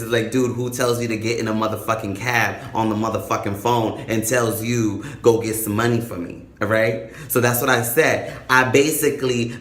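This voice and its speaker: Animated man telling a story, echoey room. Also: medium pitch. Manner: animated, swearing, acts out voices in his story. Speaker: vlogger. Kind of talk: casual storytelling vlog.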